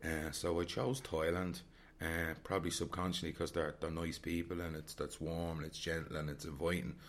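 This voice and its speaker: A man's voice: low voice, level tone, moderate pace. A man from Dublin with a Dublin Irish accent, chatting candidly and reflectively about travelling alone, rambling and repeating himself. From Ireland, Dublin. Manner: rambling, frank, repeats phrases. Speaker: solo traveller vlogger.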